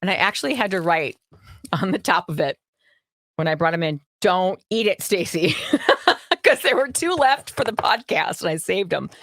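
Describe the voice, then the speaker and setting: A woman's voice: on the low side, big pitch swings, moderate pace, long pauses, a bit bright, no echo, studio quality. A woman with a Minnesota accent, co-hosting a casual radio podcast, chatty and laughing easily. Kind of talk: casual chat.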